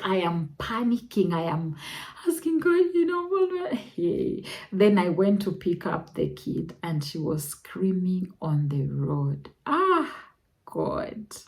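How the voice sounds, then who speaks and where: A young woman with a Kenyan accent recounts her own story on a vlog, unhurried and measured. Her voice sits low for a woman, yet it leaps up in emotional, animated exclamations. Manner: emotional, animated retelling with sudden high exclamations. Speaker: vlogger.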